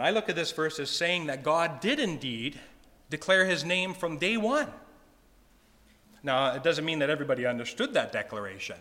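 A man giving a sermon with a Hebrew word study, slowing down and lifting his voice to read scripture aloud. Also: fairly high pitch, sharp tone, big-room sound. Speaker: preacher.

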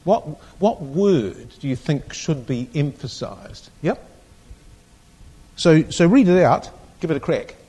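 A man's voice: on the high side, animated, slow, warm tone, breathy edge. A man teaching a Bible class, reading scripture aloud with strong emphasis and putting questions to the group.

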